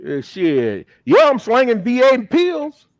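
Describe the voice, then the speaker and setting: Guy on a live podcast, high voice, cussing and laughing, drops into spanish easy. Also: huge pitch swings, slow, no echo. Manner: laughing, profane banter; switches into fluent Spanish. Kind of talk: casual chat.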